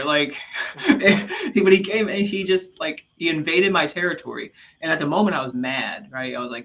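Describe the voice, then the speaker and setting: A man with a bright, ringing voice that sits a little high, co-hosting a relaxed faith-focused talk show. He tells his stories with animation and keeps stopping to restart his sentences. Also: normal speed. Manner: animated storyteller, many restarts. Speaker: podcast co-host. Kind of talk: casual faith-based chat.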